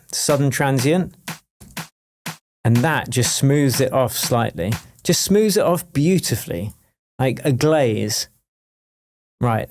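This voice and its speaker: A man teaching a music production tutorial in a chatty, jokey way, wired on coffee and full of quick asides. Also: mid-range voice, a little mellow. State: wired on coffee, talking fast. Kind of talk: screen-recorded production tutorial.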